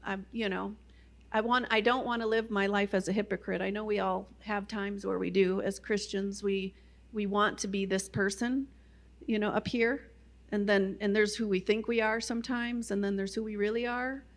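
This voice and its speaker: A woman's voice: mid-range voice, steady tone, moderate pace. A middle-aged woman giving a personal testimony talk to a Christian audience, telling her story in a loose, conversational way with many "you know" fillers. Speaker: guest speaker at a Christian ministry.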